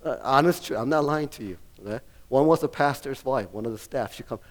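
Male pastor, middle-aged, rambling sermon, lots of ums and restarts, laughs a lot, average pitch. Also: brisk. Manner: rambling, full of fillers and restarts; laughs often while preaching.

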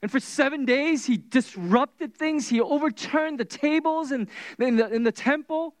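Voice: high-pitched, a little slow, no room sound, voice pushed up. A preacher speaking as a stunned traveler, incredulous and emphatic, in a sermon retelling. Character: stunned traveler, disbelieving follower.

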